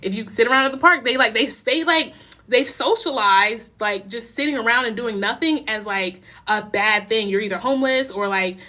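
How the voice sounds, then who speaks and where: A young woman from the United States talks straight to her livestream viewers, rambling and heated, laughing often as she restarts her sentences. Her voice sits a little high and sounds bright and forceful. It is an everyday, unscripted monologue. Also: moderate pace. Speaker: livestream host.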